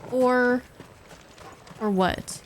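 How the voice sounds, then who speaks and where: A woman's voice: a little high, drawn-out words, a little hiss or hum. A woman streamer giving chatty, sarcastic live commentary while playing a game.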